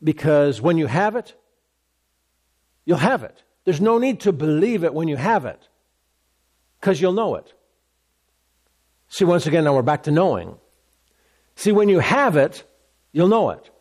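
A man preaches a sermon in a fairly high voice. He presses his points by repeating phrases and often restarts mid-sentence. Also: sing-song, measured pace, pauses often, darkish tone.

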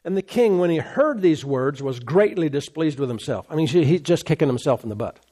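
A man preaches a sermon in a slightly higher-than-usual voice. He reads a scripture story and stops now and then for casual, plain-spoken asides. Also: expressive, fairly quick, warm tone. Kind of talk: sermon, reading scripture and commenting.

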